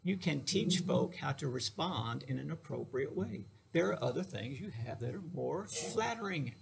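Gravelly folksy male therapist lecturing. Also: mid-range voice, lively intonation, normal speed, background noise. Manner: folksy, joking, speaks to the audience directly. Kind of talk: casual lecture.

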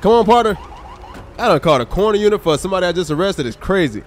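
Fast-talking and high-pitched, a man live-streams a police role-play game as a state trooper, exclaiming animatedly at characters and chatting casually with viewers. There's slight background noise.

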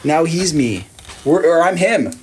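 A fairly high-pitched, animated man in his thirties with an Australian accent speaks without hurrying, a faint hiss or hum behind him. He's on a late-night livestream, reading his viewers' messages aloud and teasing them in a playful, casual way.

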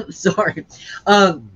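A woman's voice: medium pitch, fairly bright tone, slightly rough, low-quality recording. A woman guest giving an earnest, rambling account in conversation, restarting her sentences and using plenty of fillers. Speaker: interview guest sharing a near-death experience.

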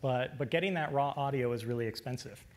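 A man giving a technical lecture, relaxed, with frequent fillers. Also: medium pitch, a little fast.

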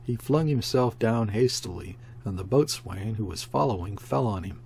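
A man narrating a classic sea story as an audiobook reader, in a steady, measured way. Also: fairly low pitch, slight background noise.

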